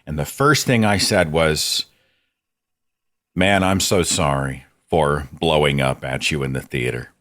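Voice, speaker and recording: A podcast host with a very deep, slightly bright voice tells a personal story a little slowly. His reflective monologue is candid, self-critical, and conversational.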